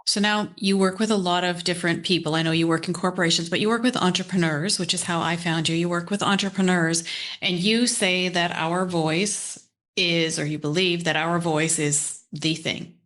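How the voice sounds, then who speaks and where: A woman's voice: lowish voice, steady tone, moderate pace, fairly bright tone. A woman hosting a podcast interview who asks her guest questions in a conversational way. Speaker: podcast host.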